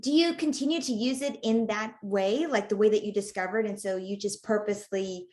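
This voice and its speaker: A woman's voice: medium pitch, a little fast. A woman hosting a podcast interview, chatting casually and affirming her guest often. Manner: warmly affirming, frequent yeahs and rights. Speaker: podcast host.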